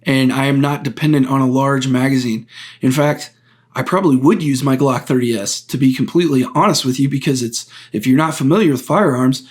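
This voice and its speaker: A male podcast host with a fairly high pitch talks alone through a political topic. Earnest and deliberate, he keeps stopping to rephrase and walk through his explanation step by step.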